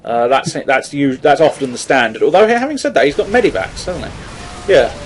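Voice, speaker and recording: A man's voice: mid-range voice, sing-song, moderate pace, a little hiss or hum, rough recording. A man giving casual, rambling commentary on a strategy game, swearing often and joking at his own expense. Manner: rambling, swearing, self-mocking. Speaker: gameplay commentator.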